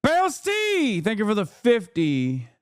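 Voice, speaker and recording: A man in his thirties talks over a clip as a streamer, sarcastic and swearing freely. His voice sits a bit high, and the sound is close and dry with no room to it. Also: huge pitch swings, takes it slowly, clear, resonant tone, no room sound. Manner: profane, sarcastic, mocking. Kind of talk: casual reaction commentary.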